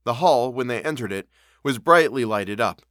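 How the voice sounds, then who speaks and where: A man reading a classic story aloud as narrator, in steady, measured storytelling. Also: mid-range voice, no room sound, studio quality.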